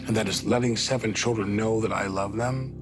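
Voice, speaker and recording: A man in his sixties speaking in a heavy, halting, weary way in a confessional interview for a reality show. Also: fairly low pitch, steady tone. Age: 60s. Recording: music bed under voice.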